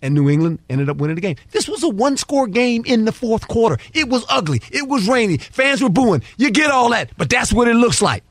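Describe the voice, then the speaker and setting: A man's voice: extremely high pitch, very animated, a little fast, hardly any pauses, no room sound. A man breaking down football on a sports talk show. He talks emphatically in folksy football slang and acts out players and coaches in quoted dialogue. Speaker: football analyst guest.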